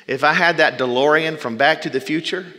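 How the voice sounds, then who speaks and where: A male preacher delivering a sermon with folksy humorous asides, swinging between loud bursts and hushed, drawn-out phrases. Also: a little high. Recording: long reverb from a large hall.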